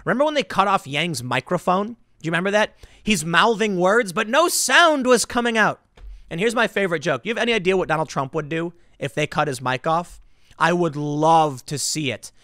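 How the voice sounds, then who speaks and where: A man giving opinionated political commentary in an animated, emphatic way, often repeating words. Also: sits high, a little fast, dry recording, studio quality.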